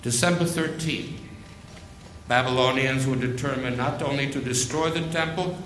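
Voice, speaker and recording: A man preaching a sermon, slow and emphatic, repeating phrases for weight. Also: medium pitch, fairly bright tone, reverberant, a little hiss or hum, poor audio.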